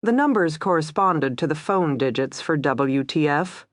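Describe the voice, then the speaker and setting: A narrator reading a crime thriller aloud in first person, tense and steady. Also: medium pitch, unhurried, no echo.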